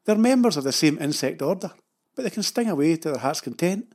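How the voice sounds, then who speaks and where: A man's voice: a little high, lively intonation, fairly quick. Wry Scottish man telling a story. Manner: dry, wry, self-mocking. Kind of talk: humorous storytelling narration.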